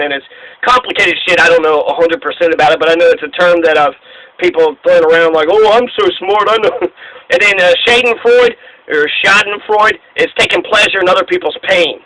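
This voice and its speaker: A man delivers a profane, sarcastic political rant in a high, sharp voice. He is angry and mocking, with curses spilling through, and the sound has a radio-like quality. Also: rough recording. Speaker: political commentator. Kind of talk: profane ranting monologue.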